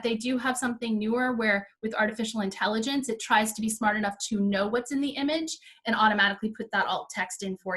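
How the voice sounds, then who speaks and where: A woman guest, an expert trainer, explaining software tools in a practical, clear way during a video call interview. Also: fairly high pitch. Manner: clear, practical, laughs easily. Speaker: guest, Microsoft Office trainer.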